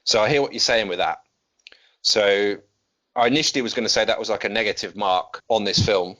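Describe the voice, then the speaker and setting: Man, lowish voice, bright tone, measured casual chat. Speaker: podcast co-host.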